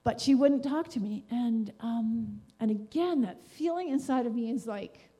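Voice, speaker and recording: A woman's voice: a little high, a little slow, few pauses, dark tone, breathy edge. A woman giving a rambling, heartfelt personal testimony at a church gathering, full of fillers and restarts. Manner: meandering, many fillers and restarts; earnest and heartfelt. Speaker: church speaker sharing a devotion.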